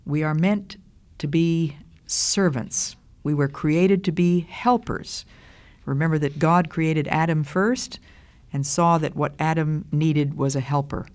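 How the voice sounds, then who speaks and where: An older woman giving a Christian devotional talk in a slow, deliberate, earnest way. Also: deep voice, fairly even intonation, darkish tone. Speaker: Christian speaker.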